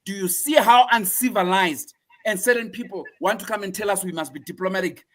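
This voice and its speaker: A man's voice: sits high, fairly quick, a bit bright. A man giving impassioned political commentary as a guest, fiery and preaching, hammering the same phrases again and again.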